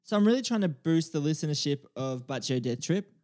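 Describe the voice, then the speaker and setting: A man co-hosting a comedy podcast, animated and mock-grandiose, with casual swearing. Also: a little high, a little fast, no echo, clean studio sound. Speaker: podcast co-host.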